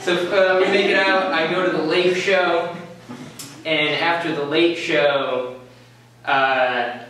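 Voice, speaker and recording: A man in his twenties tells a rambling story on stage in a slow, unhurried way, his voice bright and forward, dotted with "like" and "uh" and chuckles at himself. It is caught from a distance in a very echoey room, with faint ambience behind him. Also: a little high, fairly even intonation, a little hiss or hum. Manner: casual, rambling, full of "like" and "uh", laughing at his own story. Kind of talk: live story slam storytelling. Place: small event venue, on stage.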